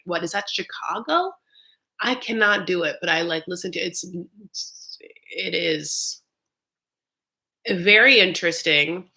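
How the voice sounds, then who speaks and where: Her voice is lowish, gravelly and bright, with a forceful tone, as this thirty-something woman gives a casual live reaction recap of a reality show. She's chatty and sarcastic, peppering everything with "like."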